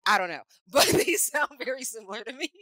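A woman co-hosting a casual chat, animated and quick to laugh. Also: on the high side, dry recording, poor audio. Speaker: podcast co-host.

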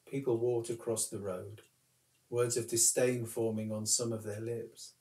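A man who is a curate, giving a calm, reflective talk that tells a personal story. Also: medium pitch, a little slow, reverberant, recorded from a distance. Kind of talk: recorded sermon talk.

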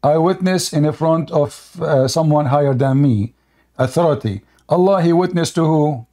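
A man's voice: fairly high pitch, moderate pace, mellow. A man in a heated online debate, mocking and hammering the same question again and again. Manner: mocking, insistent, hammers one question with repeats.

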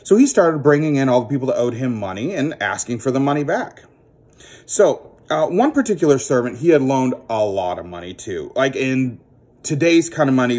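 A man teaching children a Bible story as a children's ministry teacher, animated and acting out the characters. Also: mid-range voice.

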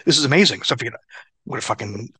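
A man's voice: mid-range voice, rapid-fire, slightly rough, dry recording. Profane middle-aged man telling stories. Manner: profane, laughing, animated storyteller. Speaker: interview guest, former wrestler. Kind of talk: casual storytelling.

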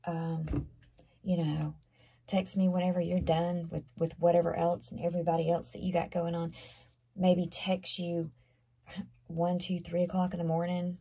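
A woman giving a tarot card reading to viewers, talking earnestly and conversationally, often dropping into soft half-whispers. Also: on the low side, flat delivery, normal speed, gravelly, slightly rough. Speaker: tarot reader.

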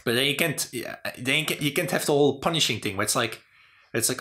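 A man's voice: mid-range voice, a little fast, a bit bright. Rambling man talking casually about games. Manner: rambling, full of "you know" and "like". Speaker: channel host. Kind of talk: casual opinion talk on game design.

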